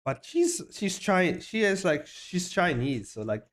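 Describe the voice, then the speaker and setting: A man's voice: high voice, sing-song, a little slow, fairly bright tone. Rambling man streaming. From South Africa. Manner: rambling, laughs often, swears casually. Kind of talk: casual livestream chat.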